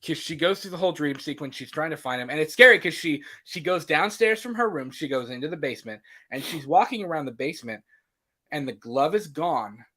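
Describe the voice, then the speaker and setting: Lively, bright-voiced young man. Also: on the high side, brisk. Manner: excitable, laughs often, acts out scenes. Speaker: podcast co-host. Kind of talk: casual movie podcast chat.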